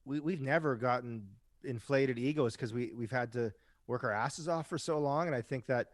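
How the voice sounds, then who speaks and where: A rock musician on a podcast, this man speaks at medium pitch and a moderate pace in clean studio sound with no room noise. His talk is casual and chatty, full of stories, with frequent "right?" tags and the occasional curse.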